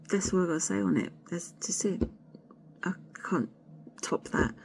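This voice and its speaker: A woman's voice: fairly low pitch, gravelly, a little hiss or hum. A woman vlogging candidly from home, blunt and sweary, ranting with whispered asides. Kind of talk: candid personal vlog.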